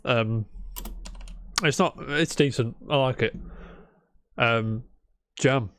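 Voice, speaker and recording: A man's voice: medium pitch, slow pace, fairly bright tone, clear, resonant tone, no room sound. A young British man co-hosting a casual gaming podcast, bantering and swearing now and then. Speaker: podcast co-host. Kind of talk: casual chat.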